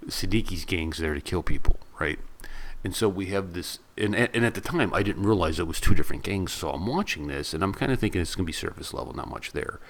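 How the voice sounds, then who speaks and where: Low-voiced guy recapping a movie, loose and rambly, lots of asides. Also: expressive, brisk, a bit bright, slight background noise. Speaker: movie reviewer. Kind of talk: casual film recap.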